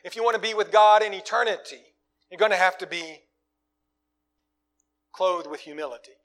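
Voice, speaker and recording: A man preaching a sermon, swinging from loud, emphatic lines to quiet, low asides. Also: normal speed.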